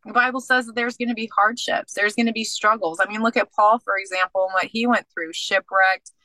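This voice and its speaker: A woman guest recounts her faith journey in an animated, chatty way, slipping into acted-out dialogue. Her voice is bright and forceful, and the recording is dry with no room sound. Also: mid-range voice, a little fast, dry recording, poor audio. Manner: animated storyteller who acts out dialogue. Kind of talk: casual faith testimony.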